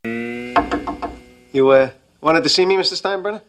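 A man's voice: medium pitch, lively intonation, slow pace, music in the background. An actor playing a nervous male employee who stammers when flustered, in a sitcom clip. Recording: sitcom clip with audience laughter.

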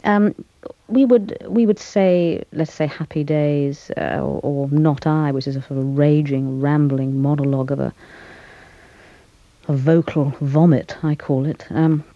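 An older actress giving a radio interview, speaking thoughtfully with frequent pauses, fillers and restarts. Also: female voice, low-pitched, steady tone, warm tone, dry recording, highs cut off. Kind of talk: reflective interview conversation.

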